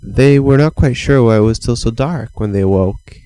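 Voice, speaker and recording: A man's voice: medium pitch, moderate pace, mellow, smooth, dry recording, rough recording. Playful man telling a bedtime story. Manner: playful, meandering, with sound effects and chants. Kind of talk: improvised bedtime story for a child.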